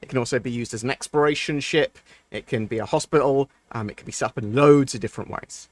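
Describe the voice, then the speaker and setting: On a live stream, a man chats casually and answers viewer questions, rambling and thinking aloud with plenty of ums and restarts. His voice is medium-pitched and fast, with no room sound.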